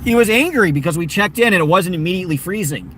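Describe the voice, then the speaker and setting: A man's voice: high voice, lively intonation, quick pace, slight background noise. A man livestreaming from his car, chatting casually, talking to his dog and answering viewers. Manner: talks to his dog and reads out chat, sings along to oldies. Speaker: vlogger. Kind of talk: casual livestream chat while driving. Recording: loud music under the voice. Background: loud oldies music from the car radio.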